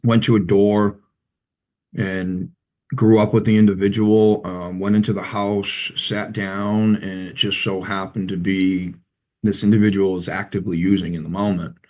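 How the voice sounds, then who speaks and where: Play an earnest, low-voiced man. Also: level tone, a little mellow. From Central Massachusetts. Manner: emotional, earnest, halting with many restarts. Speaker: recovery coach. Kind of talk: personal storytelling in an interview.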